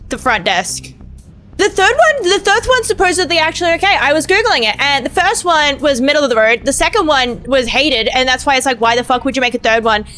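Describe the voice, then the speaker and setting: Young female streamer, high-ish bright voice, loose profane rambling chat, light music under it. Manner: rambling, profane, self-mocking. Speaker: VTuber streamer. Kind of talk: casual gameplay stream chat.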